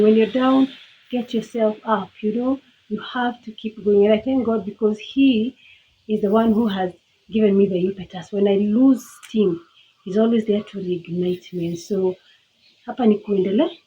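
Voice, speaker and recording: A woman's voice: medium pitch, warm tone, lo-fi sound. A woman with a Kenyan accent giving an earnest, faith-filled personal testimony in a motivational tone.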